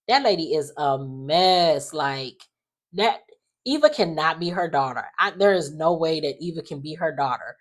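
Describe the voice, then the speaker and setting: A woman's voice: low-pitched, a little slow. A woman casually recapping a soap opera episode, acting out the characters' lines with dramatic asides. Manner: animated, acts out quotes with dramatic asides.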